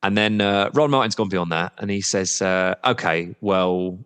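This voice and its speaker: A man's voice: on the low side, normal speed, a bit bright, clear, resonant tone, big-room sound. A man representing a football supporters' trust as a podcast guest, talking candidly and at length, with the odd blunt swear word.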